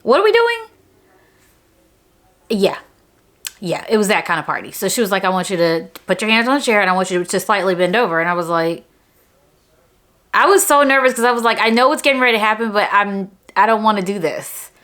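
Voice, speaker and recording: A woman vlogger telling a story to camera in a casual, animated way, jumping up high when she quotes herself. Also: fast. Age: adult.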